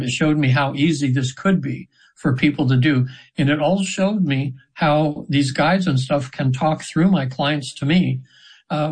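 Recorded at low quality, a fairly high-pitched, slightly rough male voice belongs to a hypnotherapy practitioner in his seventies. As an interview guest, he recounts his session stories in a casual, earnest, rambling way, often starting over.

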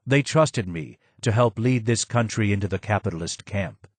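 A broken old exile speaks slow and low, as a man puts him on, hoarse and heavy with sadness. The voice is recorded close and dry, with no room sound. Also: no room sound, natural voice. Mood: sorrowful. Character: broken old male former royal advisor, hoarse, sad.

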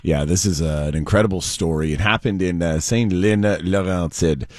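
A man co-hosts a radio show in a low voice and tells news stories in a brisk, casual way. His throat is a little rough. The sound is dry and close to the microphone. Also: no room sound. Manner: brisk storytelling of news items. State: slightly hoarse throat. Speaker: radio co-host.

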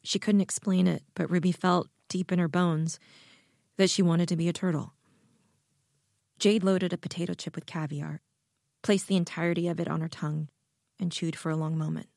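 Calm, gravelly woman narrator. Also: fairly low pitch, normal speed, dry recording, clean studio sound. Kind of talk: audiobook story reading.

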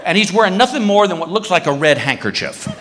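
A man doing a stand-up comedy routine, telling a story with lively shouts and voices. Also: high-pitched, fast talker, some chatter behind. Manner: animated storytelling, many put-on shouts. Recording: live club with long reverb and faint noise.

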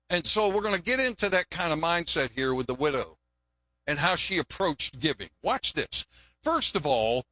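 An older man preaches in a folksy, storytelling way, stumbling over and repeating words. His voice sits high for a man and sounds bright, and the recording is dry and close. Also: no room sound. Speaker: pastor. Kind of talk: sermon. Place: church.

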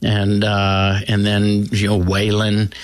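A man, a singer appearing as a guest, chatting in an interview with dry, self-mocking humor and many halting restarts. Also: lowish voice, completely flat delivery, smooth, no echo. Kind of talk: casual interview chat.

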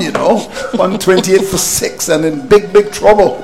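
A man's voice: sits high, a little slow, darkish tone, soft background music, rough recording. A man commentating cricket on radio, exasperated at his team's collapse and repeating phrases for emphasis.

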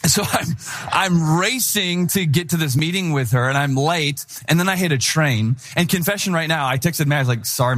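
A middle-aged man preaching a sermon in an animated, conversational way, with playful impressions of people. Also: fairly high pitch. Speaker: pastor.

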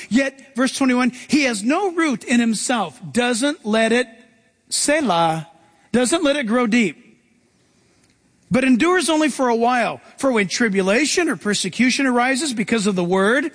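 A man preaching with a very high voice, reading scripture and breaking into playful acted-out lines. His voice carries a long reverb, as in a large hall. He swings from soft, low asides to bright, excited bursts. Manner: animated preacher, acts out Bible voices with big pitch jumps. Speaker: pastor. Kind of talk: sermon.

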